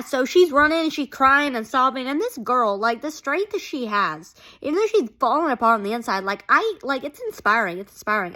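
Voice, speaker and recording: A woman's voice: a little high, bright, forceful tone. A woman recapping a TV episode in a casual vlog, rambling and gushing, full of "like" and quoted reactions. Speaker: TV show reviewer.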